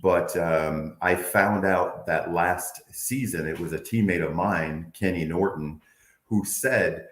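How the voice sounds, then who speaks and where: A man in his fifties, a former football player from the Bay Area, telling animated stories in an interview and acting out quotes. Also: low voice, takes it slowly, echoey room. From Bay Area, United States. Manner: animated storyteller, acts out quotes, laughs often. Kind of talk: candid interview storytelling.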